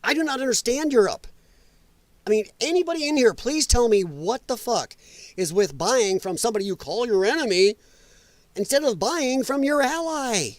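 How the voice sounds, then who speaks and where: A man's voice: very high voice, lively intonation, normal speed, dry recording. A man hosting a casual political livestream, talking loosely and profanely, laughing often and answering chat comments. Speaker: livestream host.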